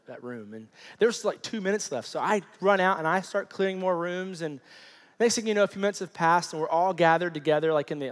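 A fairly high-voiced man in his thirties preaches by way of a personal story, casual and animated, scattering fillers as he goes. His voice carries a long reverb from a big hall. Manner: animated, conversational with many fillers. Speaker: pastor. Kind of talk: sermon storytelling.

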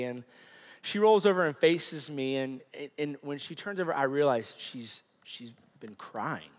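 A man's voice: medium pitch, measured pace. A male pastor preaching a sermon in a conversational, storytelling way with many fillers. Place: large church hall. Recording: reverberant church hall.

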